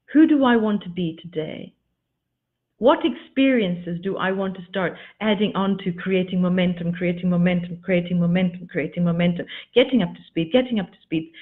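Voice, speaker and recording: A woman coach teaches in an expressive way, leaning hard on repeated words and calling her listeners darlings. Her voice sits at an ordinary middle pitch. The audio is thin and tinny, like a phone line. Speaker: spiritual coach. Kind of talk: motivational teaching talk.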